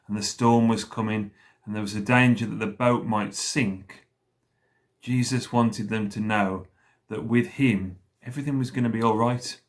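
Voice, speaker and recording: Man, school worship leader, low voice, slow, children's storytelling, asks the kids questions.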